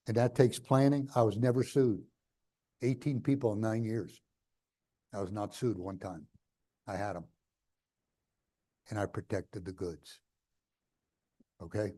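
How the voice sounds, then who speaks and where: A man's voice: on the low side, dark tone. An older man with a New York accent, telling blunt, rambling stories as a guest in an interview. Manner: blunt, rambling, jokey storytelling. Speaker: guest speaker. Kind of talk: conversational interview on stage.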